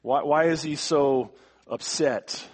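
A male pastor delivering a sermon, emphatic, repeating words for stress and swinging from quiet to forceful. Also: a little high, takes it slowly, breathy edge.

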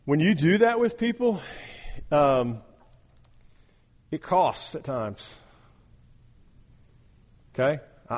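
A pastor preaches a sermon in a mid-range voice with a long reverb tail. He talks earnestly, often restarting sentences and repeating words as he begins them, and checks in frequently with "okay" and "all right".

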